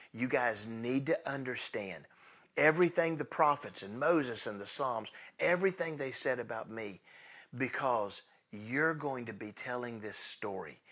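A man preaching a sermon in a casual, conversational way, swinging between loud bursts and hushed asides as he tells the story. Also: mid-range voice. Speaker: pastor.

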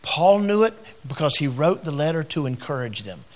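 Preaching from the pulpit, this middle-aged pastor is very animated. His personal anecdote comes out quietly and haltingly, but his exhortations grow louder and higher.

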